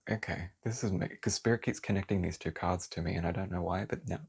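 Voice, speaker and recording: Male tarot reader, very low and slightly raspy, heated and swearing. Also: fast talker, a little mellow. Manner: heated, swears, then apologizes. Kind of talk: casual tarot reading to camera.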